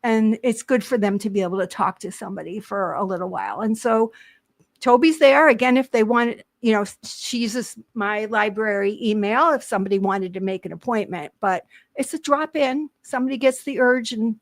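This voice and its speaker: Older retired lady, big talker, chatty and eager, voice a bit high, laughs a lot. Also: normal speed. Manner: talkative, eager, laughs often. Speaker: library volunteer advocate guest. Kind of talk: chatty talk show interview.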